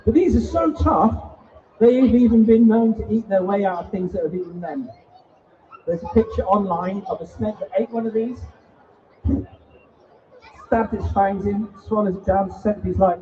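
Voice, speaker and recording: A man's voice: high voice, lively intonation, normal speed, mellow. A man presenting invertebrates to a family audience at a live show, joking and teasing the children theatrically. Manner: jokey, theatrical showman teasing the kids. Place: event hall before an audience. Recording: distant, dull live-stream sound with faint noise.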